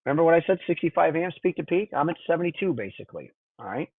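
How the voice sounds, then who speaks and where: A man with a slightly high, husky voice speaks in an animated, racing way, recorded dry with a tinny, phone-like sound. He's a diesel technician instructor leading a conversational technical webinar on engine diagnostics, checking in with listeners by asking "okay?" and "would you agree?"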